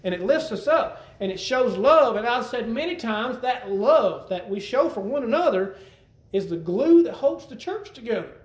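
A man delivers a sermon in a conversational way, repeating phrases and asking his congregation questions. His voice sits high for a man. The sound is roomy, with the echo of a church hall. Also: lively intonation, moderate pace. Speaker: preacher.

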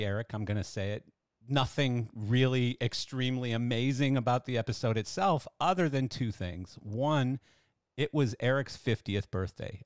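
A man's voice: mid-range voice, dry recording, clean studio sound. An older man hosting a podcast, telling stories in a chatty, enthusiastic way with lots of fillers. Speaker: podcast host. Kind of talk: casual podcast monologue.

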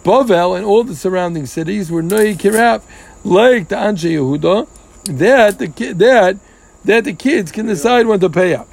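A man's voice: sits high, normal speed, vocal fry. A man teaching a casual Talmud class in English, explaining step by step, mixing in Hebrew and Aramaic terms and joking asides with his students.

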